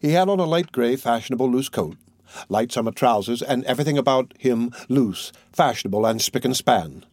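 A man reads a classic novel aloud as an audiobook narrator. His reading is measured and unhurried, at a middle pitch. The recording is dry and close, with no room sound. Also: animated, a little mellow, dry recording.

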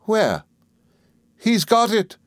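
Brief: shrill, stern spinster woman, cold and scolding, storybook reading, high and sharp, a man putting her on. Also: sing-song, no room sound, clean studio sound. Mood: alarmed. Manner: scolding, clipped, drawn-out words.

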